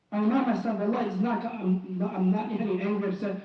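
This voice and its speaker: A man's voice: high voice, fairly even intonation, fast talker. A man giving an impassioned Friday sermon in a mosque, pleading and fervent, often restarting and repeating phrases. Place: mosque prayer hall. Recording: very echoey hall, distant and dull.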